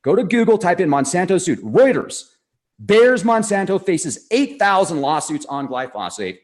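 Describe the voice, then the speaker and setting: A man co-hosting a casual talk show, excitable and sarcastic as he talks. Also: high voice, moderate pace. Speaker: co-host.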